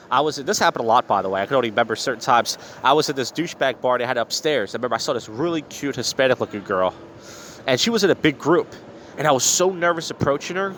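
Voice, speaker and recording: A man's voice: mid-range voice, a bit bright. A man with a mid-range voice hosts his podcast outdoors, a little tipsy and slurring slightly as he talks. His delivery is blunt and profane, full of bitter venting in a loose storytelling style. Faint street traffic hums in the background. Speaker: podcast host. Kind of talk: casual storytelling monologue. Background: faint street and traffic noise.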